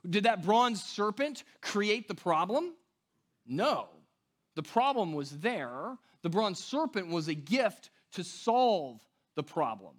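Animated, high-pitched pastor. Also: male voice, slow pace. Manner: casual, conversational preaching with frequent "right?" and "like"; animated storytelling, acting out quoted voices. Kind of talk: sermon.

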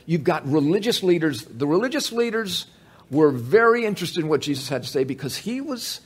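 A man's voice: a little high, breathy edge. A man teaching from the Bible in a sermon. He retells a story with emphasis and asks the listeners questions.

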